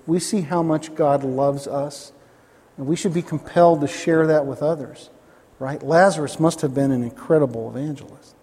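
A male pastor preaching a sermon in a conversational way, often checking in with the congregation with quick asides. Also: a little high, steady tone, mellow, slightly rough, long reverb tail.

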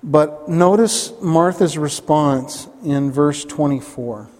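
A male pastor delivers a conversational sermon, often pausing to check in with his listeners. His voice sits a bit high for a man. The sound hangs in a long reverb, as in a large hall. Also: a little mellow. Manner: conversational preaching with frequent "right?" asides.

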